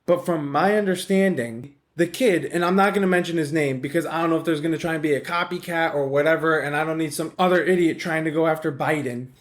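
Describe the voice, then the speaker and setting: A man's voice: a little high, quick pace, hardly any pauses. Rambling, foul-mouthed male podcast host. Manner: rambling, profane, wisecracking. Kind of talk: casual solo podcast monologue.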